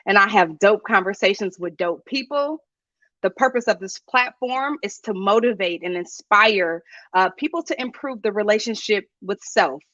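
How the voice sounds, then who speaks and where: A woman in her late thirties hosting a live-stream talk show, chatty and energetic, with a preacher-like cadence. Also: medium pitch, no echo, highs cut off. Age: 30s. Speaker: podcast host.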